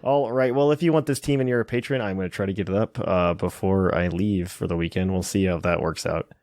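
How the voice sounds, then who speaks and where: A man's voice: deep voice, a little fast, no echo. Dry-sounding man hosting a podcast. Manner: relaxed, chatty, frequent fillers and laughs. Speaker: podcast host.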